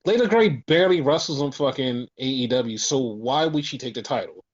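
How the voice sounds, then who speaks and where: A man hosting a casual podcast, telling stories excitedly and swearing constantly. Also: mid-range voice, a little fast, muffled recording. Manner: excited, profane storytelling. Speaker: podcast host.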